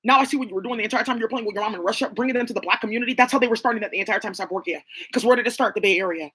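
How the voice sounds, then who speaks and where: A woman's voice: a little high, racing, a bit bright, husky. A woman talking in a rambling, profane monologue, leaping from name to name and claim to claim. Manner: rambling, profane, jumping between names and claims.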